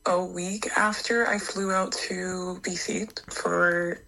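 Young volleyball girl, stuffed up from a cold, lowish voice, rambly casual answers. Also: level tone, slow pace, gravelly, pushed and bright, rough recording. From Canada. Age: young adult. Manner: chatty, lots of likes and ums. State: congested from a cold. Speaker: university volleyball player.

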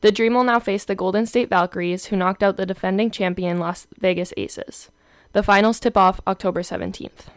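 Young gal doing campus sports news, crisp smooth voice, dry mic. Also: female voice, mid-range voice, fairly quick, dry recording. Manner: clear, steady read with the odd filler. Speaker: campus radio sports host. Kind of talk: scripted sports headlines.

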